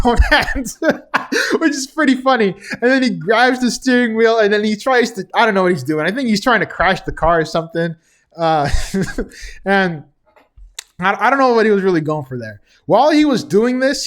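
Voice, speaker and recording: A man's voice: sits high, animated, moderate pace, a bit bright. A young man casually recapping a TV episode, chatty and chuckling often between remarks. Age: young adult. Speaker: TV recap vlogger.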